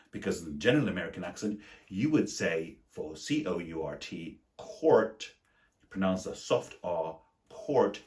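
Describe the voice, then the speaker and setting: A man with a British English accent teaching a video lesson on English words, spelling them out letter by letter. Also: deep voice.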